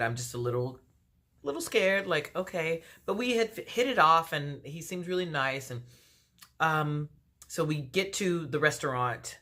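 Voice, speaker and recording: A woman's voice: extremely low pitch, sharp tone. A woman from D.C. telling a personal story to camera as a vlogger, acting out both sides of the dialogue with lots of fillers. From Washington, D.C. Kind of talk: storytime monologue.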